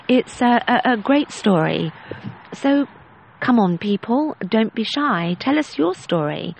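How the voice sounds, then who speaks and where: A woman's voice: mid-range voice, a little hiss or hum, rough recording. A woman hosting a podcast, reading a listener's story and telling her own anecdotes. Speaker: podcast host.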